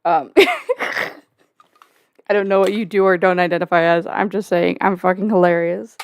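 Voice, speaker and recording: A woman's voice: fairly low pitch, big pitch swings, moderate pace, a little hiss or hum. A young woman hosting a casual livestream from home, rambling and joking with plenty of swearing and filler words. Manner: profane, jokey, rambling with many fillers. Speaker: livestream host.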